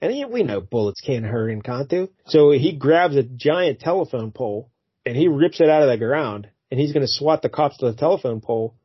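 A man's voice: medium pitch, lively intonation, normal speed, breathy edge, no echo. A man co-hosting a podcast, casually recapping a comic book and putting on silly voices for the characters. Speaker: podcast co-host. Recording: dull lo-fi dry recording.

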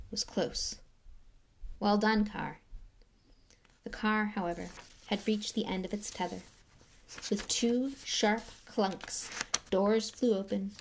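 A woman narrating a storybook aloud, dramatic, dropping to a whisper at tense moments. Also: mid-range voice. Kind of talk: audiobook reading.

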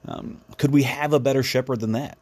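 Husky-voiced man hosting a devotional podcast. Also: medium pitch, steady tone, fairly quick, a little mellow. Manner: earnest, reflective, frequent restarts. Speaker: podcast host.

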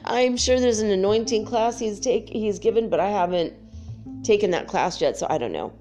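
A woman speaks straight to her viewers in a candid, emotional vlog, laughing easily and swearing casually. Her voice is mellow and warm, and faint music plays underneath. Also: medium pitch, normal speed. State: tearful at times. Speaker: spiritual vlogger. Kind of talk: casual confessional talk to viewers.

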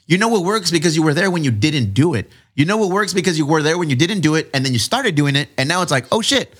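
Animated, cursing podcast host. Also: male voice, fairly high pitch, quick pace, breathy edge. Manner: animated, profane, repeats phrases for emphasis. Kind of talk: casual podcast chat.

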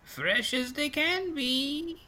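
A man's voice: extremely high pitch, lively intonation, very slow, sharp tone, voice pushed up, full character voice. A man putting on a creepy old pastry hag. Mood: sinister sweet. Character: hunchbacked old woman pastry seller, eerie.

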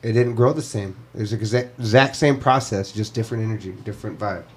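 A man chatting casually on a podcast, relaxed and earnest, with lots of fillers like "you know". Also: on the low side, fast talker. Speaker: podcast guest. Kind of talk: casual chat.

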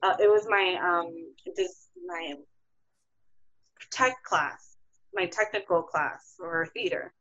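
A young woman with a somewhat low voice, speaking hesitantly as a guest and pausing to search for words. Her audio comes through muffled and lo-fi. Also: steady tone, a bit bright. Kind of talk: casual conversation.

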